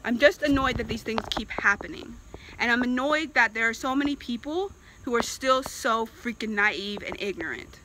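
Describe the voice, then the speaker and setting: A woman's voice: a little high, moderate pace, background noise. A woman from Virginia ranting in a vlog, exasperated and emphatic, repeating herself for emphasis. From Virginia, USA. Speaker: vlogger. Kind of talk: impassioned opinion rant.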